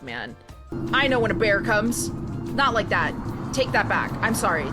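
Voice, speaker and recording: A woman's voice: mid-range voice, sing-song, moderate pace, over loud music. A woman streamer chatting casually and giggling as she rambles to her viewers. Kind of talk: casual live-stream chat.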